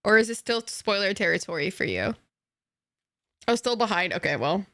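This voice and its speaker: A woman's voice: mid-range voice, big pitch swings, moderate pace, fairly bright tone, no echo, studio quality. A young woman from Egypt streaming a game and chatting casually with viewers, playful and giggly, swearing freely and using slang.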